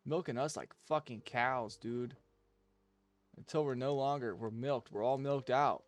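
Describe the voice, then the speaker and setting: At a measured pace and in a mid-range voice, a young man blows off steam about his job on a casual game stream, cursing freely as he rants.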